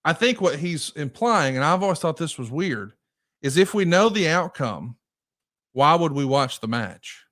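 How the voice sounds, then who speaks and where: A man's voice: a little high, sing-song, a little slow, fairly bright tone, no echo. A man hosting a podcast interview, chatting eagerly and needling his guest with pointed questions. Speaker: podcast host. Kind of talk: casual interview chat.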